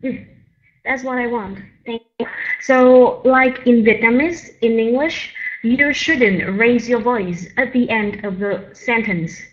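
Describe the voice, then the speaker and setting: A woman's voice: on the high side, slow, lo-fi sound. A woman teaching English, patiently correcting a student's intonation and modeling sentences. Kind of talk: pronunciation coaching.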